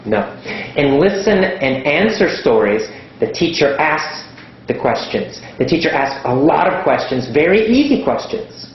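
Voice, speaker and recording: Slow, emphatic male English teacher. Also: a little high, big pitch swings, very echoey, lo-fi sound, slight background noise. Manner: slow, emphatic, repeats words for stress. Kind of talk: teaching lesson.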